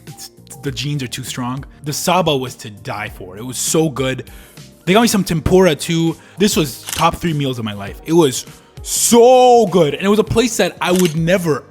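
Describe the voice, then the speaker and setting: A young man in his early twenties from Canada, telling a travel story in a laid-back, slangy voice-over. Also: on the high side. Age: early 20s. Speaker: travel vlogger. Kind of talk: casual voice-over narration. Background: faint background music.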